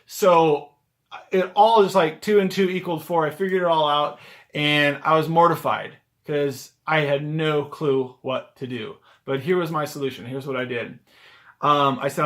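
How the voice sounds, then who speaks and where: A man's voice: fairly high pitch, moderate pace. A man vlogging as a rideshare driver, telling a story casually to a camera on a gimbal, with lots of "like" fillers. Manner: chatty, animated, lots of "like" fillers. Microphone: handheld camera on a gimbal.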